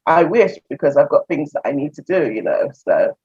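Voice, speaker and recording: A woman's voice: low-pitched, sing-song, normal speed, mellow, husky. Chatty English woman, muffled sound. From England. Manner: chatty, laughs often, acts out conversations. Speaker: interview guest, counselor. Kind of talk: casual video-call interview. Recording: muffled lo-fi audio.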